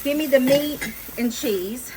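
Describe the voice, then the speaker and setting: A woman's voice: high-pitched, a little slow, background noise. A woman hosting a casual home cooking video, chatting and joking at her own mistakes as she works. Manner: self-mocking, chatty, talks to viewers while cooking. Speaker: cooking vlog host. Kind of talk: casual cooking demo chat. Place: home kitchen. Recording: home kitchen with loud sizzling. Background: frying and sizzling pan.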